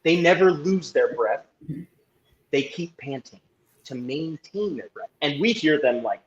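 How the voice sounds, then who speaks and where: A man's voice: fairly high pitch, expressive, a little slow, muffled recording. A man appearing as a guest, explaining and guiding a breathing exercise in an instructive, coaching way. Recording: roomy echo.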